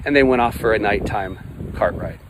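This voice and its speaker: A man's voice: lowish voice, moderate pace. A man in his forties, a life coach, talking to camera outdoors by a pond in a blunt, emphatic, repetitive way, with some swearing. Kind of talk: motivational vlog monologue. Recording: outdoor traffic noise.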